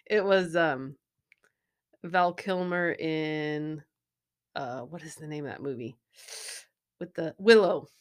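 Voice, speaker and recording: A woman co-hosting a casual movie-trivia podcast, giggling often between quotes. Her voice sits low and swings widely in pitch. She talks at an unhurried, slow pace. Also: animated. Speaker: podcast co-host.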